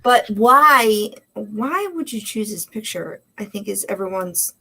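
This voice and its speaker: A woman co-hosting a live web show, teasing her partner with quick retorts in casual banter. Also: medium pitch, lively intonation, sharp tone, husky. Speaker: co-host.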